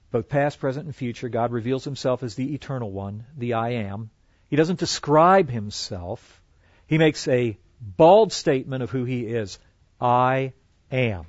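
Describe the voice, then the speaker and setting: A man's voice: medium pitch, animated, measured pace, darkish tone, no echo. Earnest male Bible teacher, dry lo-fi sound. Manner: earnest, with frequent fillers and restarts, quoting scripture. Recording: dry, dull lo-fi recording.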